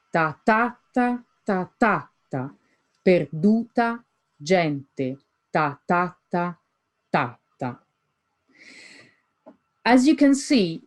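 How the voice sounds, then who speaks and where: A woman giving an academic lecture, reading poetry closely with deliberate emphasis. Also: mid-range voice. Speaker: conference speaker.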